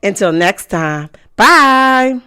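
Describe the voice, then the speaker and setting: A woman's voice: medium pitch, expressive, extremely slow, bright, forceful tone, clean tone. Sassy woman commentary host. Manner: sassy, addresses viewers directly. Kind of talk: commentary vlog.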